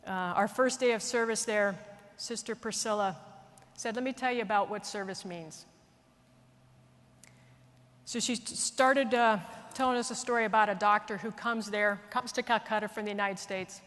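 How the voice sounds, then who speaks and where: A woman military leader telling a story in an earnest, animated way, speaking at a conference. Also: mid-range voice, moderate pace, hardly any pauses. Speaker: military leader giving a speech. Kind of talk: storytelling speech. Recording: long reverb of a large hall.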